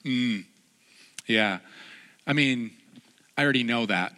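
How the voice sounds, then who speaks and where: Earnest bright-voiced male preacher. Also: medium pitch, takes it slowly. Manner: earnest, repeats phrases for emphasis. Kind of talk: sermon with personal story.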